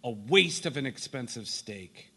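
A man's voice: medium pitch, lively intonation, unhurried, bright, forceful tone, slightly rough, long reverb tail, full character voice. A man reading aloud as a husband tired after work, complaining and blaming his wife. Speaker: workshop volunteer reader. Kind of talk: reading a scripted dialogue aloud. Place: sunlit meeting room.

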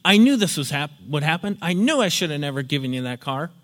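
A man's voice: fairly high pitch, animated, fast talker, fairly bright tone. A man voicing a fed-up male friend who scolds angrily. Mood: angry. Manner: angry, scolding. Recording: long hall reverb.

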